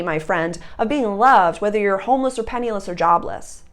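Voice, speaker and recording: A woman's voice: medium pitch, fairly quick. Earnest rambling woman spiritual coach. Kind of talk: solo talk to viewers.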